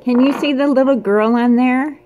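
A woman opening a gift box in a casual unboxing vlog, gushing and excitable, squealing and screaming with delight between quieter asides. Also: high voice, moderate pace, a little hiss or hum. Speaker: craft vlogger.

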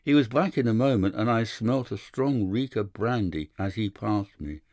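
A man narrating a classic first-person story for an audiobook, measured and even. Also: lowish voice, dry recording, studio quality.

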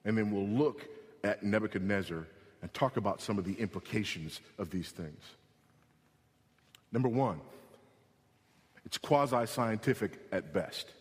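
A man preaching a sermon as pastor, emphatic, repeating his key points and rising in pitch when he presses them. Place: church sanctuary. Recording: long hall reverb.

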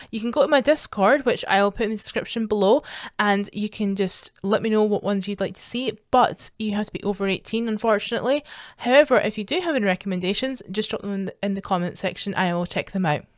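A woman's voice: mid-range voice, dry recording, clean studio sound. A young Scottish woman streaming her reactions to scary videos, swearing, screaming and laughing at the scares. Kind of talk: casual reaction commentary.

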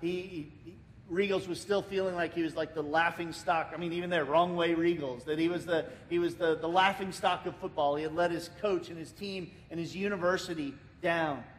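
An American man preaching a sermon as pastor, telling a story with lots of repeated words and restarts. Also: a little fast. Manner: lively storytelling, acting out the people in it. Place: church sanctuary. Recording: reverberant church hall, faint rumble.

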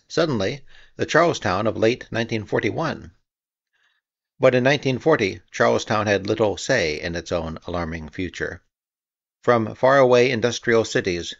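A man narrating a history audiobook in a measured, wry manner, on a dull, slightly muffled recording. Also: lowish voice, creaky, no echo. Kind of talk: scripted narration.

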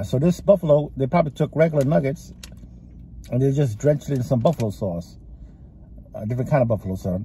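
Background noise surrounds a man's medium-pitched voice as he vlogs casually over a meal in his idling parked car. Chewing and chatting, he rambles on in a drawl that sounds Texan.

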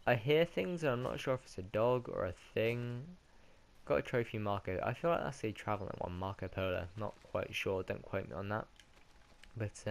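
With a lowish, creaky voice, this British-accented man provides relaxed let's-play commentary on a game. He wanders from point to point and keeps fixing what he's just said.

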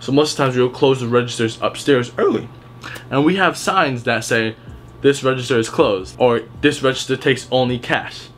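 A man's voice: medium pitch, moderate pace, a bit bright. A young man telling work stories in a casual vlog, blunt and heavily profane, rambling with restarts. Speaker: retail worker telling stories.

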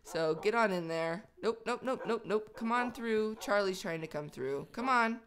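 A woman hosting a video game let's play, chatty and excitable, talking to her pets as she plays. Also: mid-range voice, normal speed, a crowd in the background.

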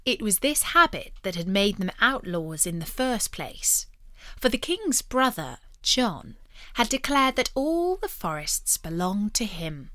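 Slow, bright-voiced woman narrator. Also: medium pitch, very animated, no echo, studio quality. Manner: slow, clear, careful reading. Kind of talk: audiobook narration for learners.

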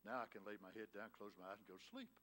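Man preaching a sermon, loud then hushed. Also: on the low side, fast talker, slight background noise. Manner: swings between loud emphatic lines and hushed tender ones; prods the congregation with questions. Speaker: pastor. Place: church sanctuary.

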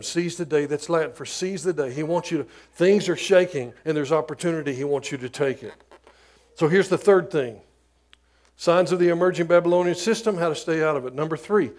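A middle-aged man preaching a sermon as pastor, emphatic, moving between loud declarations and quiet asides. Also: on the high side, normal speed.

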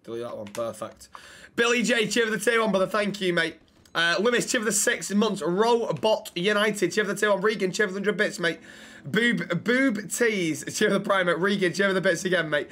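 A man's voice: high voice, animated, a little fast, pushed and bright. A young man streaming a role-play game, chatting casually and swearing freely. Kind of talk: casual role-play and chat shout-outs.

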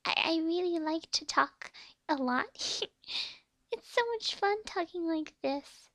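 A woman's voice: very high-pitched, takes it slowly, fairly bright tone, no room sound, pitched above the performer's own voice, full character voice. A woman voicing a cute, chatty little girl who giggles and stammers, recorded close on a headset mic. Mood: cutesy.

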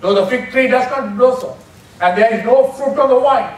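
Preaching from a church sanctuary, this pastor has a very high voice and speaks at normal speed. He delivers his sermon emphatically, repeats key phrases and lifts his voice when quoting prayers. The sound is far-off and echoey with some noise.

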